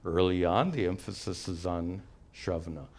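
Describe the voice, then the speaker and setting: A man's voice: sits low, moderate pace, a little mellow. An older man, a spiritual teacher, answering questions in a live teaching session in a patient, explanatory way with light humor.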